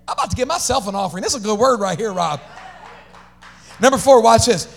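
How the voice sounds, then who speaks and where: High-voiced, animated man preaching. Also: fast, gravelly. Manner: animated preaching with call-and-response to the congregation; casual slangy asides. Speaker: pastor. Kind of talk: energetic sermon.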